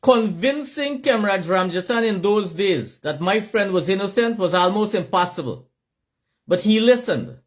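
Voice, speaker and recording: A middle-aged Guyanese man with a Guyanese accent, giving an impassioned, shouting monologue with emphatic repetition. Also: sits high, expressive, normal speed.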